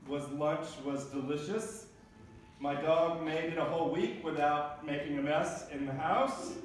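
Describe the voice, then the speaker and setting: A man preaching a sermon as pastor, telling funny everyday stories in a lively way. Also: on the high side, slight background noise. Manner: humorous storytelling preacher. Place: large church sanctuary. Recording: echoey church recorded from a distance.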